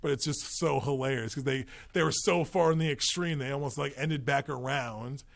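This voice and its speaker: A man's voice: medium pitch, normal speed, creaky. Rambling, joking male podcast host. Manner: loose, profane, joking asides. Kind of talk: casual rambling monologue.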